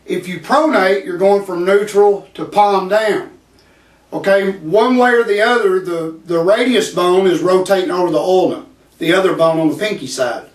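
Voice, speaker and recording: A man talking to camera in a casual instructional way, earnestly explaining step by step, often restarting and checking in with "okay.". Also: sits high. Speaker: vlogger demonstrating grip training. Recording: roomy echo, mic at a distance.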